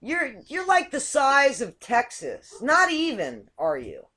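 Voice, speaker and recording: A woman's voice: high-pitched, huge pitch swings, slow pace, sharp tone. A woman hosting a casual online talk show over a video call, chatty and hesitant, often repeating words. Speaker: host.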